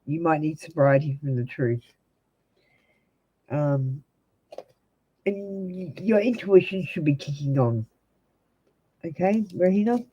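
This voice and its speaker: A woman's voice: sits low, animated, takes it slowly, pauses often, warm tone, husky, dull audio. An Australian woman giving blunt, direct tarot readings to viewers on a live stream. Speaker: tarot reader.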